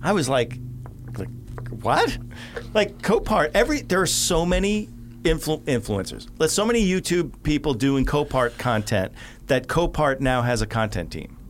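A man's voice: fairly high pitch, very animated, moderate pace, a little hiss or hum. A middle-aged man talking as a podcast guest in casual chat, often laughing and trailing off mid-thought.

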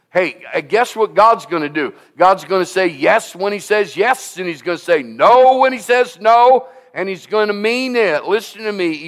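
A man's voice: fairly high pitch, fairly bright tone. A man in his seventies preaching a sermon, emphatic and exhorting, often repeating "listen to me" and reading scripture aloud. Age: 70s. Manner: reads scripture aloud in King James phrasing. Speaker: pastor.

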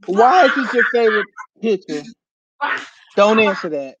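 A man hosting a casual live-stream interview, talking in an excited, slangy way. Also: high voice, moderate pace. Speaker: host. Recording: dull audio with loud noise.

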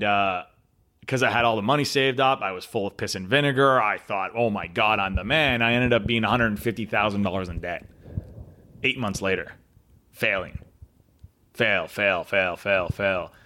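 A man in an interview, telling his story earnestly with dramatic pauses and repeated words. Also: fairly low pitch, a bit bright. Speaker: podcast guest.

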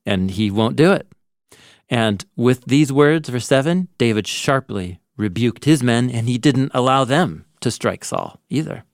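A man co-hosting a podcast, casually walking through a Bible story and acting out its lines with animated delivery. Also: mid-range voice, a little slow, dry recording, studio quality. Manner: animated storyteller, acts out quoted lines with laughs. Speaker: podcast co-host, Bible teacher. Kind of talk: casual conversational Bible discussion.

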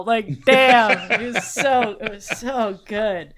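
A woman chatting casually on a podcast about a TV show. She talks in an animated, opinionated way and leans on fillers like "like" and "you know". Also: on the high side, a crowd in the background. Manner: animated, fillers, quick opinions, laughs often. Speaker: podcast co-host.

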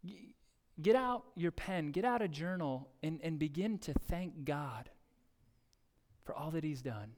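A male pastor preaching a sermon in a church service, earnest and exhorting, building to excited emphasis. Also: fairly high pitch, a little slow, big-room sound. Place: church sanctuary during a service.

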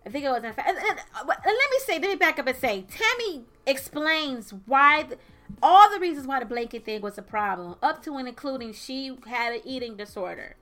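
Animated woman recapping a show. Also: sits high, brisk, soft background music. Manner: animated storyteller, voices quotes dramatically. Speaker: podcast co-host. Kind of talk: casual chat, recapping a reality show.

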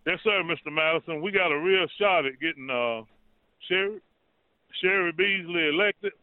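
A man's voice: on the high side, moderate pace, clean tone, no room sound. A man from North Carolina calling in to a radio show, polite and earnest. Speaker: caller. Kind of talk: call-in radio talk. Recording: tinny phone line.

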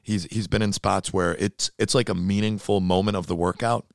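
A man co-hosting a casual fitness chat, blunt and animated, who gets fired up while he talks. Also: low-pitched, moderate pace, vocal fry, no echo, clean studio sound.

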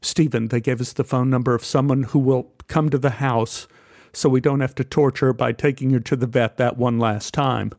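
A man reading a gentle, peacemaking wife. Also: medium pitch, fairly even intonation, moderate pace, gravelly, dry recording, studio quality, lightly acted. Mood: soothing. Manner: soothing, conciliatory. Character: gentle wife, mediating and kind.

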